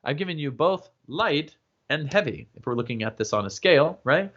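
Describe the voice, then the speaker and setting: Animated male voice teacher, lo-fi audio. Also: fairly high pitch, normal speed. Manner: explains with many fillers, asks "yeah?" and "right?". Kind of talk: casual teaching livestream. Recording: dull lo-fi livestream audio.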